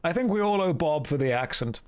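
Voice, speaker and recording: A man streams a game and chats casually with his viewers, full of jokes. His voice sits a touch high, and his tone stays loose and playful as he reads comments aloud. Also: expressive, a little fast, smooth. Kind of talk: casual live-stream chat.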